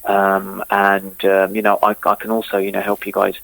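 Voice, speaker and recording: Halting man from England. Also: low-pitched, monotone, gravelly, fairly bright tone, no echo, faint music behind, rough recording. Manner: halting, repeats words, many fillers. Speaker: former cricketer, interview guest. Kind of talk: casual remote interview.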